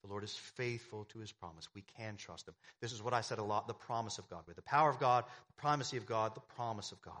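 A man's voice: lowish voice, quick pace, few pauses, a bit bright. A man preaching a sermon as pastor, emphatic, with repeated phrases and rhetorical questions to the congregation.

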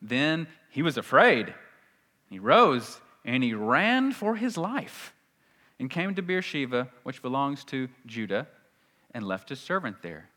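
A man preaching a sermon in church, reading scripture aloud and acting out the people in it with lively energy. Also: mid-range voice, unhurried. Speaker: pastor. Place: church sanctuary. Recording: long reverb of a large hall.

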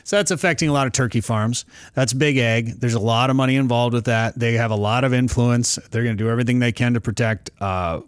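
A man's voice: mid-range voice, fast talker, smooth, no echo, clean studio sound. A man hosting a casual talk show, rambling and thinking aloud about hunting rules, with many restarts. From United States.

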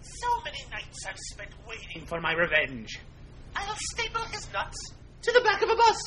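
A shrill vengeful puppet. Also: male voice, wildly swooping pitch, moderate pace, crowd noise, exaggerated voice. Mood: vengeful glee. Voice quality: squeaky, shrill. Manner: gleeful threats. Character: foul-mouthed ventriloquist puppet, male, vengeful. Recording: echoey film clip.

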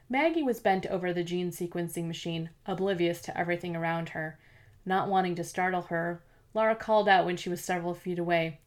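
A woman reading a novel aloud as narrator, in a steady, measured storytelling manner. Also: fairly low pitch. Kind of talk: scripted audiobook narration.

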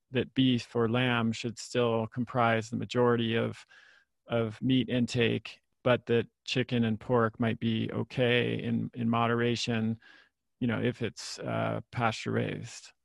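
A man's voice: mid-range voice, gravelly, no echo. A man hosting a podcast interview, asking long questions full of qualifiers. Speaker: podcast host.

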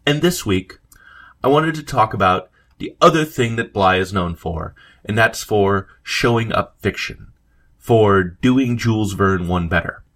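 A man's voice: fairly low pitch, animated, a little slow, fairly bright tone. A man hosting a podcast, narrating a history episode in a conversational way, with asides and fillers. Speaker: podcast host. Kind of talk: scripted history narration with read quotes.

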